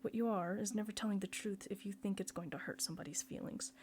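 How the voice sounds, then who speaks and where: A woman's voice: mid-range voice, quick pace, a little mellow, natural voice. A woman reading the part of a scornful middle-aged male surgeon who lectures and accuses his brother.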